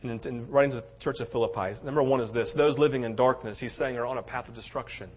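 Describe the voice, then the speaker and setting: A male pastor preaching a sermon, passionate, swinging between loud urgency and hushed tenderness. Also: medium pitch, fast, husky. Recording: dull lo-fi sound.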